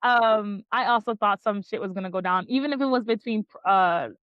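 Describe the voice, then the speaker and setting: A woman's voice: medium pitch, a little fast, dry recording. Chatty woman podcast host, muffled sound. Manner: enthusiastic, frequent "like" fillers. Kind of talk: casual book-club chat, summarizing chapters.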